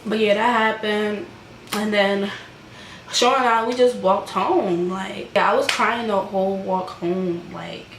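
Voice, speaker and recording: A young woman at a mid pitch chats through a storytime vlog, peppering every line with "like" and laughing at herself. She acts out the voices of the people in her story. Her voice rings in an echoey room over a faint hum of background noise. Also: fairly even intonation, a little slow. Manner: chatty, fillers of "like", laughs at herself, acts out the quoted lines. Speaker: vlogger telling a personal story. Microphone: camera microphone.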